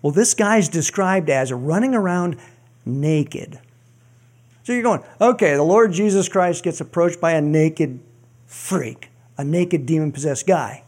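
Joking, high-voiced male preacher. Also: measured pace, darkish tone. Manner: joking, conversational preaching with asides. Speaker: pastor. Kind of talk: sermon.

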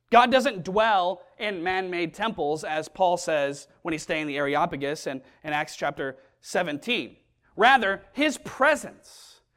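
A man preaching a sermon, emphatic and deliberate, repeating key phrases and slowing down to stress them. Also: high voice, a bit bright.

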